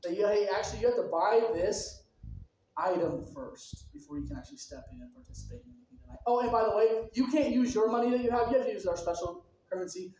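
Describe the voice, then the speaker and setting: A man whose voice sits high and sounds a little mellow preaches a conversational sermon, asking his listeners questions. A little hiss or hum is present, and the mic is at a distance in a very echoey hall.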